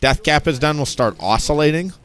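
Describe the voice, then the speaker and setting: A man's voice: on the high side, fairly quick, fairly bright tone, clean tone. A young American man from Tennessee, joking and chatting with his viewers as he comments on his gameplay. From Tennessee, southeastern United States. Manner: joking, chatty, talking to chat. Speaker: streamer playing a game.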